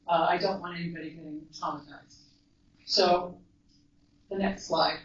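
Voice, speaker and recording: A woman, a mental health counselor, giving an earnest, measured storytelling talk to a live audience. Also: on the low side, steady tone, a little hiss or hum. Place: large echoey event room. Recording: echoey, distant, dull live recording.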